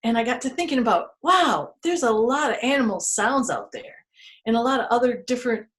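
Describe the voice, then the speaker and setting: A fairly high-pitched woman speaks rather quickly while leading storytime at a children's museum. She's playful and animated, making animal sounds and sound words for the young audience.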